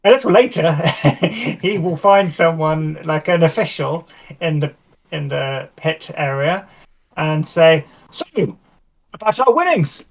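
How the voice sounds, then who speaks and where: A woman's voice: deep voice, takes it slowly, recorded from a distance, low-quality recording. A woman player describing her character's actions in a tabletop game.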